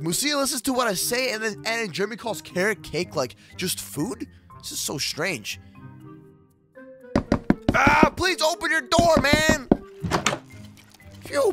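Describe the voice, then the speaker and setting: A man's voice: very high voice, sing-song, a little fast, loud music behind the voice. A man hosting a Minecraft kids roleplay, talking in a jittery, rambling way. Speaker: roleplay channel host.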